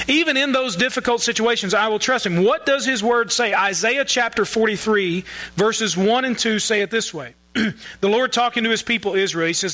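Pastor, male, earnest preaching delivery, bright tone, slight mains hum. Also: high voice, rough recording. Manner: earnest preaching with repeated restarts. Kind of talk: sermon.

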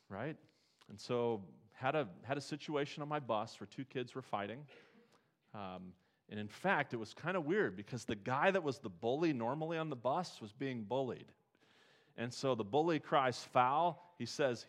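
A man preaching a sermon, telling stories and moving between quiet, reflective passages and loud, emphatic ones. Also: lowish voice, moderate pace. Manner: storytelling, swings from quiet to emphatic.

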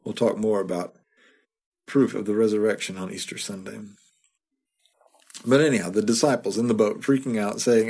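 Low-voiced man preaching a casual sermon. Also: steady tone, moderate pace, pauses often, darkish tone, breathy edge. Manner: conversational, repeats words, chuckles to himself. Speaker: pastor.

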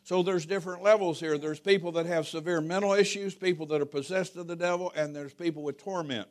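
A middle-aged pastor preaches to his church in a fairly high voice, speaking fairly quickly. His sermon is full of stories told in a folksy, humorous, animated way.

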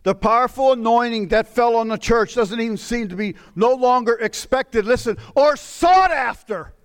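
High-voiced middle-aged man preaching. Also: normal speed, clear, resonant tone. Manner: impassioned preaching, swinging from raised cries to low, weary murmurs. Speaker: pastor. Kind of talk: sermon.

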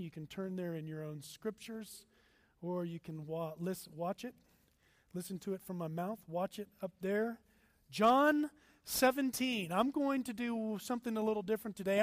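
A man preaching a sermon as pastor, acting out the disciples' words and moving between loud and quiet delivery. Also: high-pitched, dry recording. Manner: animated, acts out quotes with shifting loudness.

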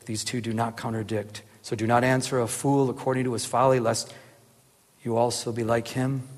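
A man's voice: medium pitch, moderate pace. A man giving a casual Bible teaching, earnest, with many rhetorical "remember?" questions. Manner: earnest, rises into animated emphasis, often asks "remember?". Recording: reverberant hall.

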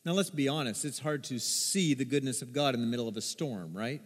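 A man preaching a sermon as pastor, telling stories with animated acted-out voices. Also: medium pitch, brisk. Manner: animated storytelling, acts out voices in quotes. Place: church sanctuary. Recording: long hall reverb.

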